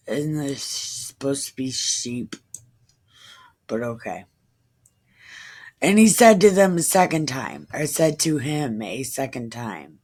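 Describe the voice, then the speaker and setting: Brief: a woman doing an irreverent comedic scripture reading, slow and deliberate, sarcastic. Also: extremely low pitch, animated, darkish tone. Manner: sarcastic asides, incredulous. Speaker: comedic Bible reader.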